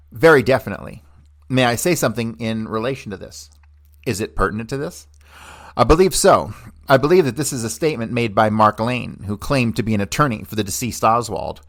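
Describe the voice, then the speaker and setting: A man with a fairly low voice reads old hearing testimony aloud for a podcast. He speaks the questions and the answers in the same even reading voice and does not act out either side. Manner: steady reading voice that plays both questioner and witness without changing voice. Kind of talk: solo reading of a transcript aloud.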